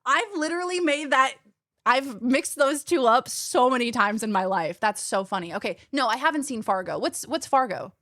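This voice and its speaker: A young woman from Illinois speaks in a high voice at a moderate pace, her accent a faint blend of Midwestern and West Coast American. Chatty and animated on a live stream, she reads chat aloud, laughs often, and swears casually. The sound is dry and studio-clean.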